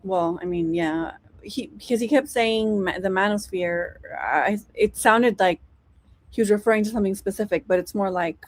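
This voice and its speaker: Woman panelist, curious, questioning, casual chat, mid pitch. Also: moderate pace.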